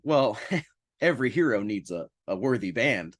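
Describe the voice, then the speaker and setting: A man's voice: lowish voice, animated, measured pace, dry recording, clean studio sound. A man playing in an online tabletop game, describing his character in a playful, theatrical way. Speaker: player.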